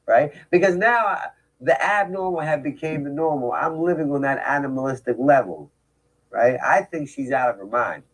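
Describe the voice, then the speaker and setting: A man's voice: a little high, animated, moderate pace, low-quality recording. A man giving a candid, emphatic talk about his past, with frequent rhetorical asides. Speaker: speaker telling his recovery story. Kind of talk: personal storytelling talk.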